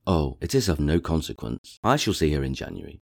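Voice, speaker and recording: A man reading the part of a fawning young society woman who gushes with flattery in an audiobook. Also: very deep voice, brisk, vocal fry, husky, full character voice. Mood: gushing. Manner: gushing, eager to please.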